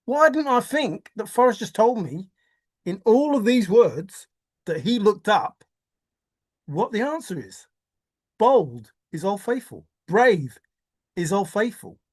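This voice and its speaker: A woman pours out a solo monologue with big theatrical swings, her voice leaping up and down in pitch. She drags her words out slowly and makes every point with exaggerated exclaiming and mock despair. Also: big pitch swings, darkish tone, slightly rough. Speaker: treasure hunt video maker.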